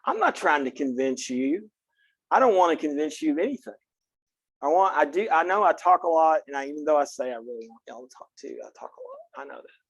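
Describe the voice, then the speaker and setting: A man's voice: a little high, sing-song, fairly quick, no room sound, muffled recording. Man, Texan accent, college lecturer, earnest, frank, joking, dry close sound. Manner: earnest, frank, joking, speaks directly to students. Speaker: college philosophy instructor. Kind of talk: classroom lecture. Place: classroom.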